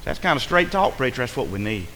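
A man preaching a sermon, lively and forceful, acting out the voices of the people he addresses. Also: mid-range voice, quick pace, big-room sound, a little hiss or hum, low-quality recording. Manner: animated preaching, acts out imagined voices. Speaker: pastor.

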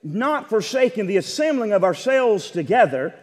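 Fervent high-voiced preacher in a hall. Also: male voice, sing-song. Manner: builds from measured reading to shouted fervor. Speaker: Baptist preacher. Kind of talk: sermon. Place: church sanctuary.

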